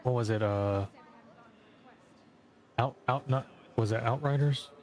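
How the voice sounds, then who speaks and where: A man's voice: medium pitch, slow pace, darkish tone. Rambling man chatting over a game. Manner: rambling storytelling with fillers. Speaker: gaming friend. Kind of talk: casual gaming chat.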